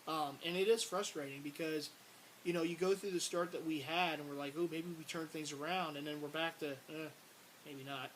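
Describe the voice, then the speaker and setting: A man's voice: a little high, fairly even intonation, moderate pace, a bit bright, rough recording. A man ranting about his team in a casual video, frustrated and rambling, repeating words and breaking into exasperated outbursts. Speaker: sports fan vlogger. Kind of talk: casual sports rant to camera. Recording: faint hiss.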